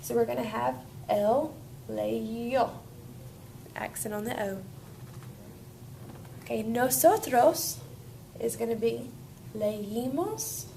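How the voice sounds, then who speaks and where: A woman's voice: a little high, takes it slowly, creaky, long pauses, mellow, slight background noise. A woman teaching a Spanish grammar lesson, walking students through each step in an upbeat way.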